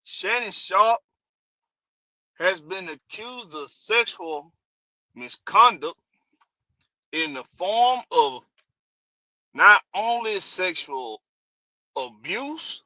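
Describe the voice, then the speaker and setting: A man's voice: on the high side, animated, very slow, pauses often, pushed and bright, no room sound, low-quality recording. Hyped man hosting a stream. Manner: hyped, drawling, repeats phrases. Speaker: host. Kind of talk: casual livestream show opening.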